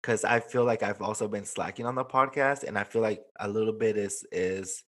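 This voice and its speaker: Man, podcast co-host, casual chat, lower voice, loose and profane, close mic. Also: fairly quick, a bit bright. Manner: swearing, laughs often, mixes in Spanish. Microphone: desk microphone, close.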